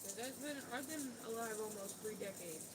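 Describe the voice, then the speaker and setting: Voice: medium pitch, lively intonation, moderate pace. A person in their late twenties chatting casually on a porch, dropping dry, teasing remarks. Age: late 20s. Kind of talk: casual chat. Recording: noisy outdoor recording.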